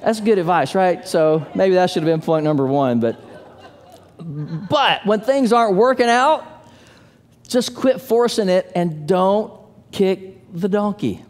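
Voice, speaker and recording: High-voiced guy pastor preaching, playful storyteller, big echoey church. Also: lively intonation, a little slow, a little mellow, some chatter behind. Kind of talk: sermon. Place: church sanctuary. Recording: long hall reverb.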